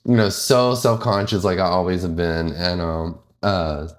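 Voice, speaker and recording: A man's voice: low voice, steady tone, a little slow. A man who works as a flight attendant, talking casually and candidly in a vlog, rambling with lots of fillers and self-corrections.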